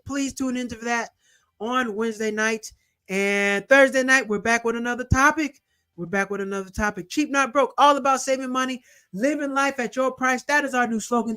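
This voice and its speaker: A young man hosting a casual livestream, eagerly shouting out viewers and their cities and plugging his channels. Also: very high-pitched. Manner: hyped, repetitive shout-outs to viewers. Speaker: livestream host.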